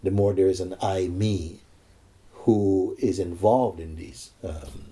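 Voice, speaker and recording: Dark, husky-voiced man teaching slowly. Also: deep voice. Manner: slow, reflective, with many pauses. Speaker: spiritual teacher. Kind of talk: spiritual dialogue.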